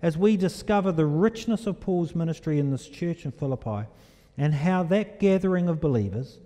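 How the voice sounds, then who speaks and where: A preacher in a church delivers an animated, storytelling sermon, turning often to the congregation with questions. His voice sits fairly high but has a mellow, dark tone. Long reverb from the hall trails every phrase. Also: normal speed.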